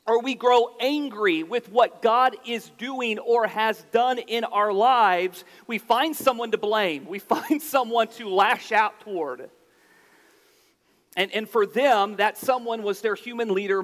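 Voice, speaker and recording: A man with a very high voice preaches slowly and deliberately, unpacking scripture as he goes. He restarts phrases for emphasis. His words ring out with the long reverb of a large hall. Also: fairly bright tone. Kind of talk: sermon.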